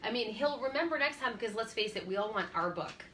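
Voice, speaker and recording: A woman's voice: fairly high pitch, animated, brisk, a bit bright, a little hiss or hum. A woman in her forties co-hosting a faith-based parenting chat, telling stories earnestly and laughing easily. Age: 40s. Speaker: co-host.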